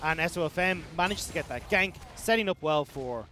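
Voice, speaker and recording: A man's voice: a little high, lively intonation, brisk, pushed and bright, slight background noise. A man giving analytical esports color commentary, explaining strategy and what each team should do next. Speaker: esports caster.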